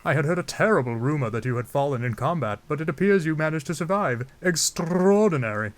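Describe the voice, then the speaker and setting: A man's voice: on the high side, lively intonation, fairly quick, voice pushed up, lightly acted. Brief: stately old fish-king, formal and courteous, slightly lifted voice, put on by a man. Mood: regal.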